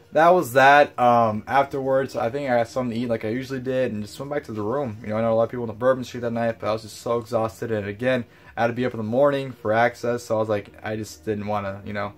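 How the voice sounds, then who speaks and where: Casual young man ranting, profane. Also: medium pitch. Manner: frustrated, profane storytelling with lots of fillers. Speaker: vlogger. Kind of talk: casual recap vlog.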